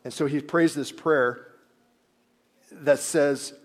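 Guy preaching, kinda high voice, gets loud then goes real quiet for emphasis. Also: takes it slowly, pauses often. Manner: animated preaching, acting out voices of biblical figures, dropping to quiet emphasis. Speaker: pastor. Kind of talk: sermon.

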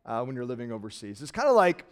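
A middle-aged man from Nebraska, a pastor, delivers a conversational sermon that swings from loud emphasis to quiet, trailing words. He talks fast in a clean, mid-range voice with big pitch swings.

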